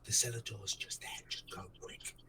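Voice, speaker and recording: A man voicing a hulking male giant in a hushed whisper, as whispered role-play. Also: normal speed, natural voice. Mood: urgent hush.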